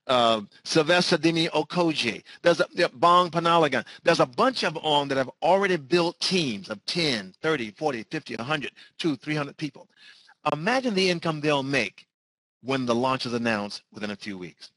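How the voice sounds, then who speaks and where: Man, webinar sales pitch, quick and repetitive, dry close sound. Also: bright, forceful tone, no echo, poor audio. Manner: fast-talking, repetitive pitch. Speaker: webinar presenter. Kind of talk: sales presentation.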